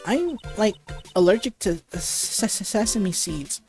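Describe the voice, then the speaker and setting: A woman voicing a ditzy young valley-girl woman, halting and stuttering through her lines full of fillers. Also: medium pitch, expressive, a little mellow, faint music behind, close to an everyday voice. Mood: airheaded. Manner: halting reading with stutters and restarts.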